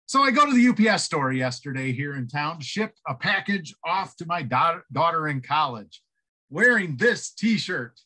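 A man's voice: a little high, very animated, moderate pace, sharp tone, poor audio. A middle-aged man giving a casual, chatty tutorial and telling a story in an upbeat way, speaking from a home office into a computer microphone. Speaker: productivity trainer.

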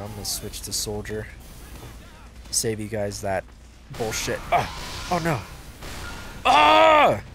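Excitable man yelling over gameplay. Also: medium pitch, slight background noise. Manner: excitable, yells and swears at the game; jokey self-talk. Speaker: gaming video host. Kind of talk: casual gameplay commentary.

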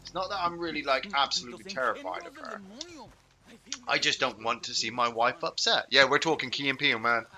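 A man's voice: mid-range voice, animated, a little fast, pushed and bright. A man chatting casually while playing a video game, rambling, swearing, and breaking off his own sentences. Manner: rambling, swearing, self-interrupting. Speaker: game streamer. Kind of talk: casual gameplay commentary.

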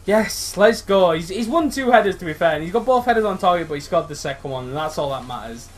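Excitable young man commentating gameplay. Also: quick pace. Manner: excitable, shouts and groans at players, jumps high when excited. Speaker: gaming YouTuber.

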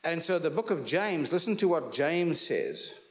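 A man's voice: on the high side, sing-song. A man preaching a sermon, teaching through scripture and checking in with his audience. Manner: slow, emphatic teaching, asks the audience questions.

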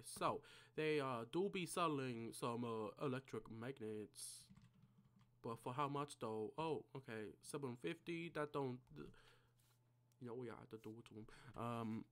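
A gaming channel creator giving casual gameplay commentary, mumbling and thinking aloud to themself at a desk mic. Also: mid-range voice.

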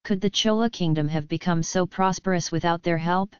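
A woman's voice: fairly low pitch, brisk, clean tone, dry recording, lightly acted. A woman voicing an ailing old emperor and worried father in an audiobook, speaking in a grave, solemn way. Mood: weary. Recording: slightly dull lo-fi audio.

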